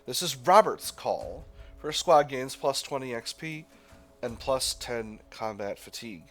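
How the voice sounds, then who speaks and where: A man's voice: medium pitch, animated, measured pace, faint music behind. A man hosting a gameplay video, reading the game text and thinking aloud with hesitant restarts. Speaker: gaming channel host. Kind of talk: let's play narration and reading aloud.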